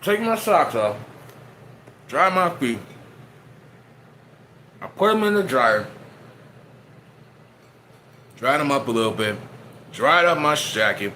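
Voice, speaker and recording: Lively joking streamer man. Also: mid-range voice, measured pace, long pauses, a little hiss or hum. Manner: rambling, joking, talks while eating. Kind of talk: casual chat to viewers.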